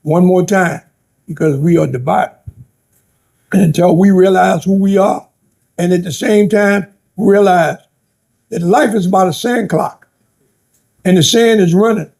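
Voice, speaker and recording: A man's voice: sits high, fairly even intonation, measured pace, vocal fry, pauses often, a little mellow. An older man from the United States, giving an interview and telling stories with passion, preaching and acting out the voices he quotes. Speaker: interview guest. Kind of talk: impassioned storytelling talk.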